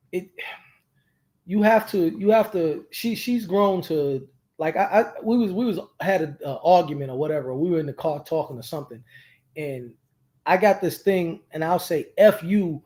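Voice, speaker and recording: Man, co-host, slightly high voice, casual chat, animated, colloquial, many restarts.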